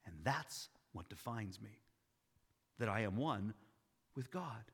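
Jesus, voiced by a man, talks slowly and tenderly, then rises with calm authority. His bright voice rings through a hall with a long reverb. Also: lowish voice, breathy edge, pitched below the performer's own voice, full character voice. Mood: commanding. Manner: slow, deliberate, tender with bursts of authority. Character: Jesus, gentle but commanding man.

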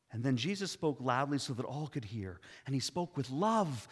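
A male pastor telling a story in a sermon with a measured delivery, recorded in a church sanctuary. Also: medium pitch, big pitch swings, husky. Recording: long hall reverb.

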